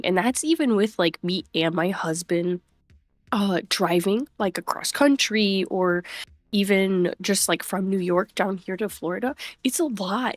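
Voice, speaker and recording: A woman's voice: fairly low pitch, dry recording. A young woman chatting casually on a live stream, greeting viewers by name and laughing often, recorded at home on a desk microphone. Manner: chatty, reads chat names aloud, frequent laughs. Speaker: livestreamer.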